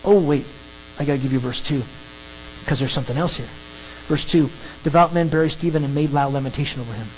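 A preacher giving an animated, emphatic sermon that works through a scripture passage. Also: medium pitch, quick pace, slight background noise, rough recording. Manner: animated, emphatic, acts out crowd scenes.

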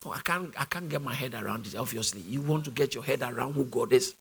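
A man's voice: mid-range voice, fast talker, creaky, a little hiss or hum. A man with a British accent teaching a sermon, driving his points home through repetition and call-and-response questions to the congregation. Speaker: Bible teacher.

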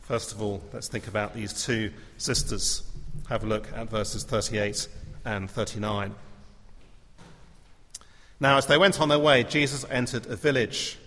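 A man preaching a sermon as the pastor, measured and earnest with touches of gentle humour. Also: lowish voice, steady tone. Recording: reverberant church hall.

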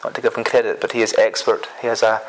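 A man's voice: on the low side, flat delivery, fast talker, noisy background. A man preaching an earnest sermon who often repeats himself and stumbles over words as he builds his points.

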